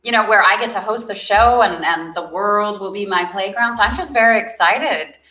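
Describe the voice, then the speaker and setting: A woman's voice: medium pitch, moderate pace, sharp tone, reverberant, rough recording. A woman from South Africa, a guest on a talk show, chatting casually in an upbeat way and laughing often. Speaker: guest, magazine founder. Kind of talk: casual interview chat.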